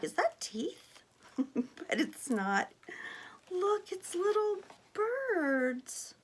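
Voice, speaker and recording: A woman vlogger chatting casually while unboxing gifts, gushing and excitable, exclaiming and laughing often. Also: fairly high pitch. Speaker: vlogger opening mail.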